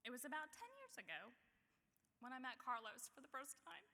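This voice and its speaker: A woman advocate giving an emotional prepared speech, pausing to steady herself. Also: high voice. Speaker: advocate and speaker. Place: large banquet hall. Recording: long hall reverb.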